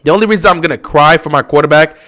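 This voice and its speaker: A man's voice: a little high, racing, sharp tone. A man hosting a casual live stream, talking over a football game and mocking upset fans with whiny impressions.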